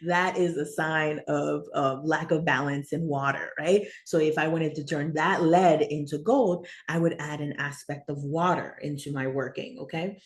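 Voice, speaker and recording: A woman teaching an informal online lesson, rambling and checking in with "right?" and "okay?", laughing easily and getting animated when she tells stories. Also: sits low, moderate pace, hardly any pauses. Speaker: spiritual teacher. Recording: echoey room.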